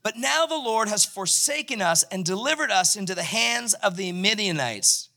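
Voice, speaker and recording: A man's voice: sits high, expressive, normal speed, creaky, bright, forceful tone, full character voice. A man voicing a discouraged young man who pleads and complains to God in a plaintive voice. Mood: complaining.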